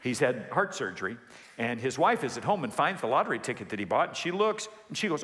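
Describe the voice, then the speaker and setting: Animated, bright-voiced preacher man. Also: quick pace. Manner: animated, jokey storytelling with sudden rises in pitch. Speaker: pastor. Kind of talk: sermon. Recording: long hall reverb.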